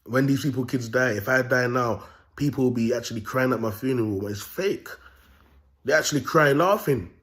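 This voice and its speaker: A man's voice: mid-range voice, fairly even intonation, a little fast. A young man delivering an unscripted monologue as a self-styled prophet, talking raw and bold in street slang with rambling repeats.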